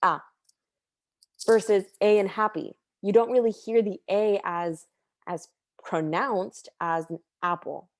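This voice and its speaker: A young woman giving a casual tutorial on letter sounds, relaxed and chatty, often pausing to correct herself. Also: medium pitch, dry recording, studio quality. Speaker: Quran recitation teacher.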